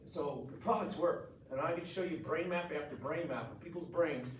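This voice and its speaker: A man's voice: fairly high pitch, moderate pace. A middle-aged man, a chiropractor telling his story bluntly and with animation to a group. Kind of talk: testimonial talk to a group. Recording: echoey room, mic far off, noisy.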